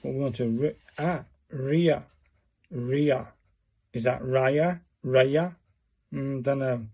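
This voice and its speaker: Slow chatty man. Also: medium pitch, dark tone, husky. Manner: chatty, self-questioning, talks to viewers. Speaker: vlogger learning calligraphy. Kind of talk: casual thinking-aloud tutorial.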